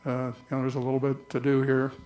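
Pastor type, male, mid-pitched, easygoing sermon delivery with slow scripture reading. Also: completely flat delivery, a little mellow. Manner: conversational preaching, reads scripture slowly.

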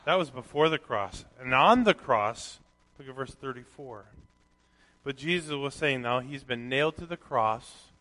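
A man preaching a sermon, reading scripture aloud and swinging from quiet reflection to loud, animated emphasis. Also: medium pitch, measured pace. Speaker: pastor. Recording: long hall reverb.

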